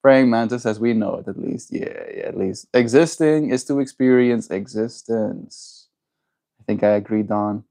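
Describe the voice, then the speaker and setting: A man's voice: lowish voice, moderate pace, gravelly, warm tone. A man livestreaming, musing in loose casual chat and answering his viewers' messages.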